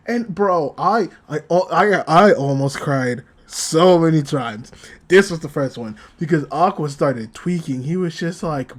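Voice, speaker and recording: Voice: medium pitch, expressive, a little slow. A VTuber reviewing an anime episode in a casual, emotional way, swearing often and close to crying. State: choked up, near crying.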